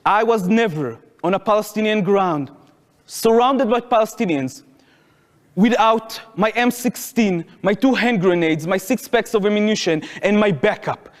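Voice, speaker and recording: A man's voice: sits high, a little slow. A man in his twenties with an Israeli accent, telling a personal story to an audience and acting out the voices in it. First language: Hebrew. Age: 20s. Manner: animated, acts out quotes, shouts at peaks. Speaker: speaker. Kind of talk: public talk, storytelling. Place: lecture hall. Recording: long hall reverb.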